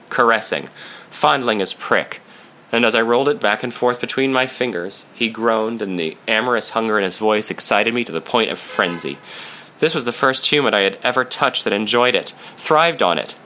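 A man narrating first-person fiction in a measured, steady reading style. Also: on the low side, a little hiss or hum. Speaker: audiobook narrator.

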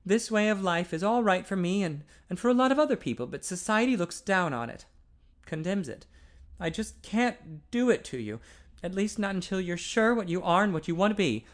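A man reading a novel aloud, voicing an intense, earnest young man in a higher, louder, pleading voice. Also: animated, moderate pace. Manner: urgent, pleading, higher and louder than the narration.

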